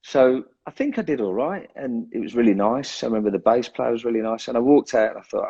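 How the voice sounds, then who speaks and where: A man's voice: mid-range voice, fast talker, vocal fry, mellow, slightly rough, dull audio. A drummer being interviewed, a man talking in a casual, self-deprecating way who laughs often and restarts his sentences. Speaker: guest drummer.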